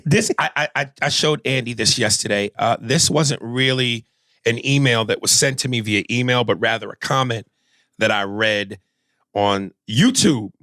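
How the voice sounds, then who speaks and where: A man hosting a comedy podcast, brash and profane, talking in an animated comic way. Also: mid-range voice, moderate pace, dry recording. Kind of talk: casual comedy podcast chat.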